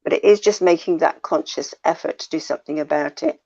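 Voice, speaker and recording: A woman's voice: sits low, brisk, darkish tone, slightly rough, muffled recording. A woman coach in a conversational talk show, explaining ideas reflectively and drawing on her own experience. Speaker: life coach.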